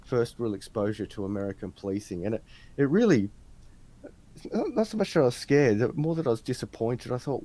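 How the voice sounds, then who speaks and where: A man's voice: mid-range voice, lively intonation, a little fast, warm tone. An Australian man interviewing a guest, telling anecdotes in a chatty, slangy way. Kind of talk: casual chat.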